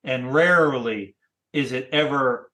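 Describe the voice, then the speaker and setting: A man in his sixties, a cartoonist guest, chatting casually in a thoughtful, halting way with many restarts. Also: mid-range voice, bright, forceful tone. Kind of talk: casual interview chat.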